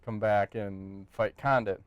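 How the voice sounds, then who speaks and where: A man's voice: lowish voice, steady tone, slow, clean tone, no room sound, muffled recording. A man co-hosting a casual fight podcast, giving blunt, profane opinions. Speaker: podcast co-host. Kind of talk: casual MMA podcast chat.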